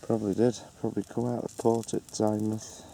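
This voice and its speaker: Low gravelly man vlogging outdoors. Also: little pitch movement, quick pace, warm tone, a little hiss or hum. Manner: chatty, playful, narrating cooking to camera. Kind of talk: casual camping vlog chat. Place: outdoors at a campsite.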